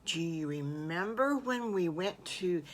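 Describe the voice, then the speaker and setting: An older woman voicing a gentle, fond mother pig in a storybook tale, with sweet, old-fashioned exclamations. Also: fairly low pitch, lively intonation, a little slow, a little hiss or hum.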